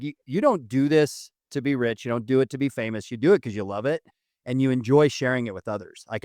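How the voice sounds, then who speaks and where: A man co-hosting a podcast talks quickly and eagerly, piling warm praise on his guest. His voice is smooth and clear, recorded dry and close. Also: mid-range voice, dry recording. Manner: eager, effusive interviewer. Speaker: podcast co-host. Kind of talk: casual interview chat.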